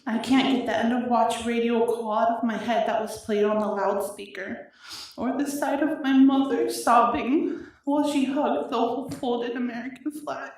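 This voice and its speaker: A woman reads a prepared statement in a courtroom, her voice wavering and halting with grief. Her voice sits a little high. It comes from a microphone some distance away and rings with a strong, echoey hall sound. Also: steady tone, a little mellow. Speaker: victim's sister giving an impact statement. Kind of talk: reading a prepared statement aloud. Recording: echoey courtroom audio from far off.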